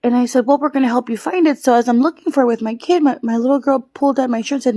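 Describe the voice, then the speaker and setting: Casting: chatty mother, storytime narration, fairly high voice, dry close mic. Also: rapid-fire, few pauses, mellow, no room sound. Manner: chatty, many fillers and restarts.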